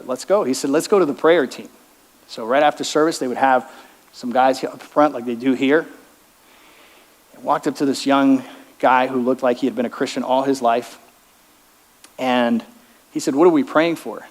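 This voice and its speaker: A man sharing an earnest personal testimony to a church audience, acting out the dialogue of his story. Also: mid-range voice. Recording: long hall reverb.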